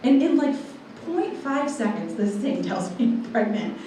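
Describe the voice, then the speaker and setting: Warm-voiced woman telling her story. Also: on the high side, measured pace, slight background noise. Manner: lively storytelling, acting out what people said. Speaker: guest speaker. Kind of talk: personal testimony told to an audience. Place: large room with a live audience. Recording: echoey hall, voice from far off.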